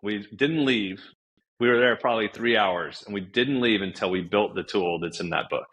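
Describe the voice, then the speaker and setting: Animated man telling a story. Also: moderate pace, husky. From United States. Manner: animated storyteller, acts out quoted dialogue with big pitch jumps. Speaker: podcast guest, author. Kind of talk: casual storytelling interview.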